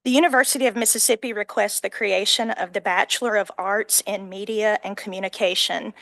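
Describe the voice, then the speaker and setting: A woman presenting agenda items at a board meeting in a steady, formal read. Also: medium pitch, dry recording. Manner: steady, formal, reads items in full sentences. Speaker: academic affairs officer presenting agenda items.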